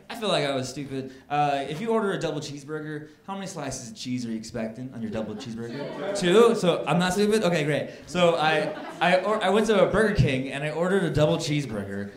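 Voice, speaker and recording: A man's voice: a little high, reverberant, noisy background. A man doing a stand-up comedy set, telling a rambling, indignant story.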